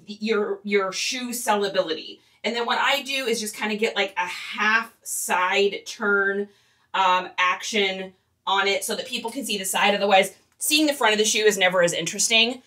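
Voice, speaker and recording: Sounding distant from the mic, this woman speaks at medium pitch with a sharp tone and a measured pace. She's an online reseller teaching on a livestream, chatty and giggly as she addresses her viewers directly.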